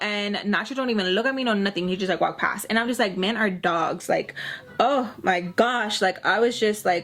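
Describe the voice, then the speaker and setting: A woman's voice: medium pitch, a bit bright. A young woman vlogger casually telling a personal story, filling her talk with "like" and acting out what people said. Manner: chatty, heavy use of "like", acts out quotes in quick bursts.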